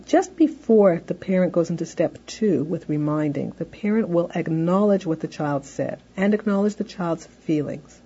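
Husky, mellow woman giving a lecture. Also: fairly low pitch, normal speed, hardly any pauses, muffled recording. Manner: explanatory, conversational, fills with "you know". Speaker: parenting educator. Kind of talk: recorded lecture.

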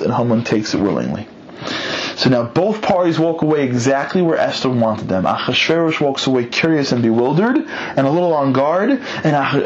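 Guy teaching by telling a story, animated and chatty, bit dull lo-fi sound. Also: medium pitch, slight background noise. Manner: lively, conversational, dramatic asides.

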